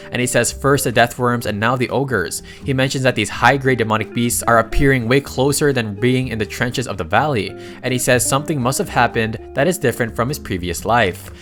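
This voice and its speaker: A man's voice: mid-range voice, fairly bright tone. A man narrating a casual recap of a comic story, reading the characters' lines in his own voice and adding chatty asides.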